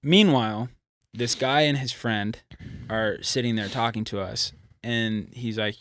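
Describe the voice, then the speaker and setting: A young man from California, a podcast guest, telling a road story in a casual, profane, animated way. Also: mid-range voice, measured pace, few pauses, dry recording, studio quality. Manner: animated, profane, acts out quotes.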